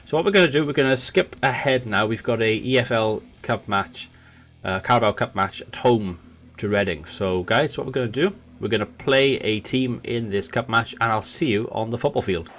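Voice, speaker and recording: A man's voice: medium pitch, normal speed, slight background noise. A man hosting a gaming video, chatting to viewers and calling the match like a commentator, his voice jumping up when a goal comes. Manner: excitable, voice jumps up on goals; chatty, talks to viewers directly. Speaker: gaming channel host. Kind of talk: let's play with football commentary.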